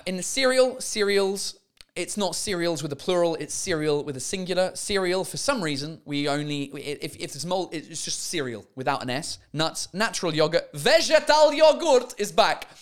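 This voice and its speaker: A man's voice: a little high, normal speed, fairly bright tone, clean tone. A man hosting a comedy podcast, chatting and swearing casually as he laughs his way through mistranslated signs. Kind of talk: casual comic monologue.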